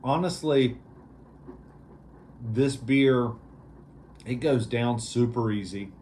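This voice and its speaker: A man's voice: mid-range voice, takes it slowly, darkish tone, slight background noise. A man hosting a casual vlog review, talking in an easygoing, rambling way with lots of fillers. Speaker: beer reviewer, show host.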